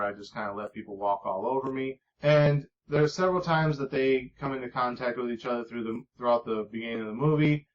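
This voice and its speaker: A man's voice: mid-range voice, dull audio. A man giving a casual spoken movie review, rambling with lots of fillers and the odd swear word.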